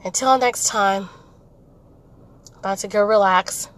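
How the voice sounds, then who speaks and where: A woman's voice: mid-range voice, slow pace, poor audio. A woman hosting her own podcast, venting bluntly and repeating herself for emphasis while recording from a car. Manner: blunt, repetitive, emphatic, rambling. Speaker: podcast host. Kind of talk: candid venting monologue. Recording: road noise from a car.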